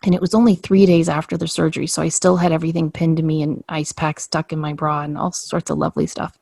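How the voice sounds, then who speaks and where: A woman's voice: low voice, fast talker, creaky, no room sound, studio quality. A woman telling a personal story in a casual podcast conversation, acting out the dialogue as she goes. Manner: animated storyteller, acts out quoted dialogue.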